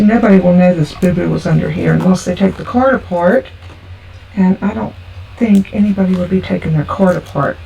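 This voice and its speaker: A chatty woman walks through a card-making tutorial step by step. Her voice is a little gravelly and sits back from the mic. Faint noise hums under it. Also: medium pitch, warm tone, muffled recording. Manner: chatty, homey, talks through each step. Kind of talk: casual craft tutorial. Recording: from a distance with faint background noise.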